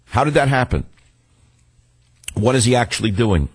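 A man's voice: mid-range voice, expressive, moderate pace, slightly rough, dry recording. A man hosting a political talk radio show, delivering a combative, sarcastic monologue.

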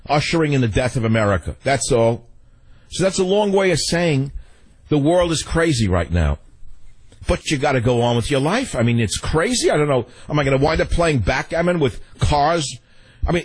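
Husky man ranting on talk radio. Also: fairly high pitch, low-quality recording. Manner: fast, emotional ranting that runs over its words. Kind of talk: political talk radio monologue.

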